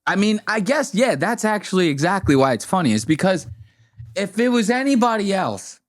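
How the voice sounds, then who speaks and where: A man co-hosting a podcast in casual chat, laughing often and doing quick voiced impressions of people from clips. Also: sits high. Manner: laughing, animated, profane storytelling with voiced impressions. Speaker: podcast co-host.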